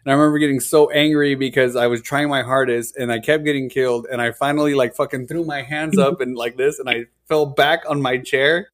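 A young man hosts a loose podcast chat with a middle-pitched voice, telling a gaming story with animated, profane energy. He keeps saying dude and hella. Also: fairly quick, hardly any pauses.

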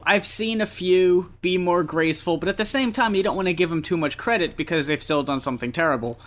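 A man co-hosting a podcast in casual chat, talking in a measured, thoughtful way. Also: high-pitched. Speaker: podcast co-host.

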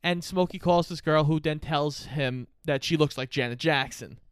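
A co-host in casual chat, calmly summarizing movie plot points. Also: medium pitch, normal speed, clear, resonant tone, no echo, clean studio sound. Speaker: podcast co-host.

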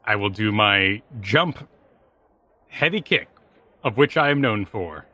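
A man's voice: lowish voice, unhurried, sharp tone. A man playing in a tabletop game, calling out his moves and dice results. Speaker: player.

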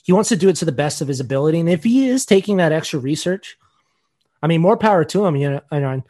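A man co-hosts a casual podcast with a slightly high voice, joking and blunt. He talks candidly and breaks into laughs easily. He sounds close to the mic. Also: animated, fast talker, warm tone. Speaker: podcast co-host.

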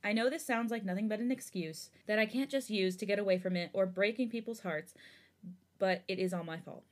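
A woman's voice: medium pitch, a little fast, natural voice. A woman reading aloud as a young man who apologizes and explains himself, pleading and regretful. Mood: remorseful. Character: remorseful young man explaining his past hurt.

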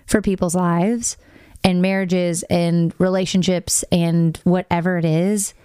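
A woman with a lowish voice, talking earnestly in a casual faith chat. She tells her story with quick asides, and the sound is close and dry. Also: fairly even intonation, dark tone, clear, resonant tone, dry recording.

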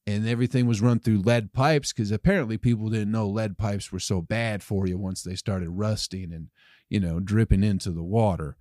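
A man's voice: lowish voice, steady tone, normal speed, darkish tone, no room sound, clean studio sound. A man hosting a comedy podcast alone, rambling sarcastically with lots of swearing and mock-salesman patter.

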